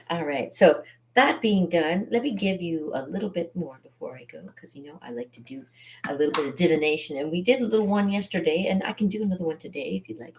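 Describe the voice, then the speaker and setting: A woman's voice: sits low, expressive, fairly quick, a little mellow. A woman vlogging casually while doing her makeup, rambling and laughing often in a playful way. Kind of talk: casual makeup vlog chat.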